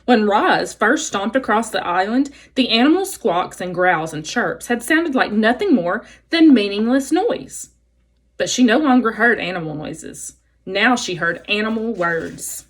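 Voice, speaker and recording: A woman's voice: mid-range voice, lively intonation, a little slow. A woman teacher reading a children's novel aloud expressively, adding brief explanations for her listeners.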